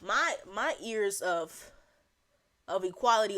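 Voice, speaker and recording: Young woman, podcast host, solo comedic rant; animated, rambling, quick to laugh. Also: mid-range voice.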